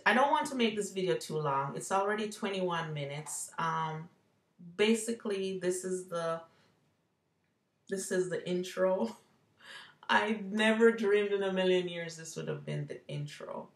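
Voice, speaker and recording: Low gravelly woman in her forties, Jamaican lilt. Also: unhurried. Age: 40s. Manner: rambling, self-deprecating, open. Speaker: lifestyle vlogger. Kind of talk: candid personal vlog. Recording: echoey room.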